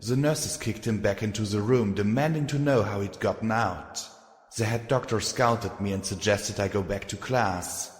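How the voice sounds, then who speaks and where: Low-voiced man narrating an audiobook. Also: normal speed. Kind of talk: fan fiction audiobook narration. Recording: echoey room with long reverb.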